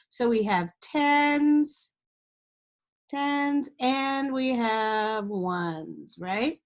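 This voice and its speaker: A patient woman teacher walks young kids through a math lesson in an online class, recorded on a computer mic. Her voice sits a little high and she talks slowly, breaking into sing-song chants and checking in often.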